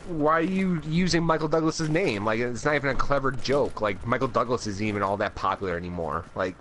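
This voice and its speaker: Animated joking American man. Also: mid-range voice, slight background noise. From North America. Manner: joking, quick to laugh. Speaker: podcast co-host. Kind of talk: casual podcast chat.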